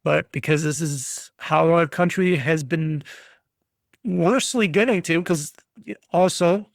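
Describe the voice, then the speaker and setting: A man's voice: fairly high pitch, slow, vocal fry, no echo, studio quality. A middle-aged American man hosting a solo podcast, ranting bluntly and swearing freely. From United States. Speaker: podcast host.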